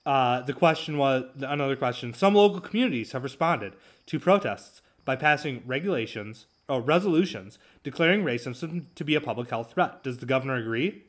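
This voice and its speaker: A man hosting his own talk show, alone at the mic, with a voice of middling pitch. He rants in a sarcastic, mocking way, with plenty of ums and uhs as he goes. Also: lively intonation, brisk, hardly any pauses. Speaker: podcast host. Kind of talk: solo talk show commentary.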